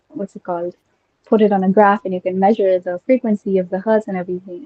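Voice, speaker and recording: A woman's voice: on the low side, breathy edge, no echo, muffled recording. A young woman whose first language is Urdu, talking eagerly in casual conversation and thinking aloud with many fillers and restarts. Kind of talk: casual conversation about linguistics.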